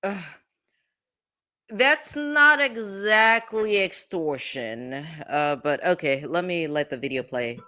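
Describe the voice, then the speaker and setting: Bright, crisp-voiced woman lawyer host. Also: on the low side, slow. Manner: incredulous, chatty, thinking aloud. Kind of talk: casual legal reaction commentary.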